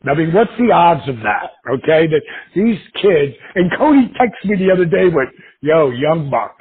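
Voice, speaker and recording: A middle-aged man, a podcast guest, telling a story in casual, animated fashion and acting out the voices he quotes. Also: high-pitched, normal speed, breathy edge. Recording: tinny phone line.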